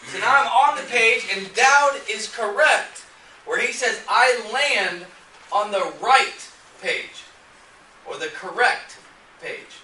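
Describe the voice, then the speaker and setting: A man's voice: high voice, slow pace, bright, forceful tone, slight background noise. A man presenting a sales seminar who gets fired up and keeps quizzing his live audience. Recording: echoey room, mic at a distance.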